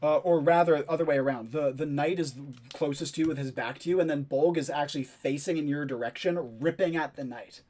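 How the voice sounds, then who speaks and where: A man's voice: fairly high pitch, a little fast, few pauses, a little mellow. A man narrating a tabletop role-playing game as game master, describing the action with many fillers.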